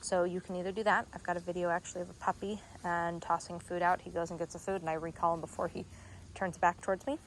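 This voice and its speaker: A woman's voice: flat delivery, quick pace, a little hiss or hum, poor audio. A young adult woman, a dog trainer, explaining training steps to viewers outdoors in a park. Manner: explains to viewers, breaks into high-pitched praise for the dog. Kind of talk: instructional dog training video.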